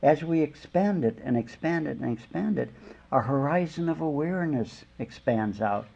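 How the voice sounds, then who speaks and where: The older man's voice is a little high, gravelly yet mellow, animated and moderately paced. As a spiritual teacher, he meanders through an informal sermon of stories, chuckling over conversational asides. The lecture recording sounds dull and lo-fi.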